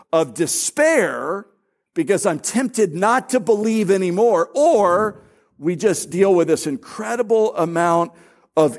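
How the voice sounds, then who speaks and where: A middle-aged man preaching as a pastor, telling stories conversationally with self-deprecating humor. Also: high-pitched. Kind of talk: conversational sermon.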